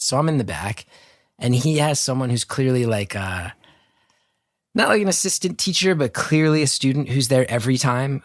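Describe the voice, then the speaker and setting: A man's voice: medium pitch, no echo, clean studio sound. A man telling a story on a podcast over a video call, acting out the people in it and swearing freely. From North Jersey. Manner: animated storyteller, acts out quotes, swears freely. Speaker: guest co-host.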